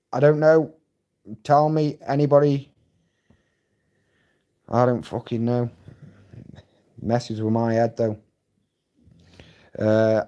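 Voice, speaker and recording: A man's voice: fairly high pitch, dark tone. A Scottish man chatting casually on a live stream, rambling and swearing bluntly as he reads and answers viewer comments. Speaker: livestreamer.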